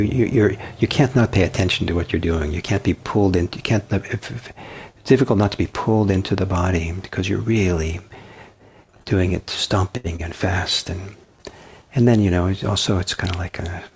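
A meditation teacher gives a dharma talk in a low, husky voice. He is soft-spoken and halting, pausing often and restarting his sentences.

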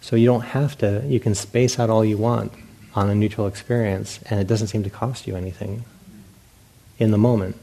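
A meditation teacher giving a dharma talk, his man's voice low with a gravelly edge. He tells stories against himself and acts out his old thoughts, laughing as he goes. The talk is given at a meditation center. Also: fairly even intonation, moderate pace, warm tone, slight background noise. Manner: self-mocking storyteller who acts out his own past thoughts, often laughing.

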